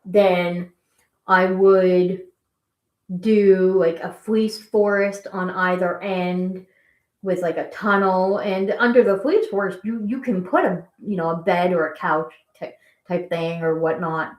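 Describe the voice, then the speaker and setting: A woman's voice: lowish voice, steady tone, slow. Woman from Canada, casual live-stream chat, rambling, echoey room. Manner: rambling, chatty, answers viewer questions. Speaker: guinea pig channel host.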